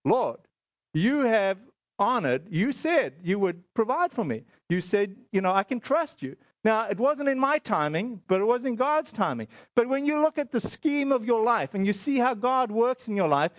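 A man's voice: very high voice, no echo, lo-fi sound. A middle-aged man from South Africa giving a spoken testimony sermon, telling his story with many fillers and acted-out dialogue. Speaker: speaker.

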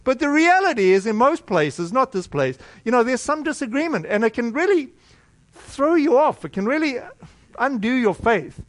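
Man, American accent, high voice, sermon storytelling, animated, conversational. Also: moderate pace, no room sound. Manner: animated, conversational, with many restarts. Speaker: preacher.

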